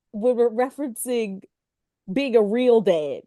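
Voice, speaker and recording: A woman co-hosting a podcast, telling stories in an animated way and acting out what people said. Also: on the high side, slow, dry recording, clean studio sound. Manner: animated storytelling, quotes people in dramatic voices. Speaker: podcast co-host. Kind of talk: casual chat.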